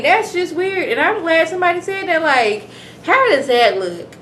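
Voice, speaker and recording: A woman's voice: very high voice, moderate pace, echoey room, slight background noise. Chatty woman recapping a TV episode. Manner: chatty, slangy, animated retelling. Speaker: TV episode reviewer. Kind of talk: casual recap vlog.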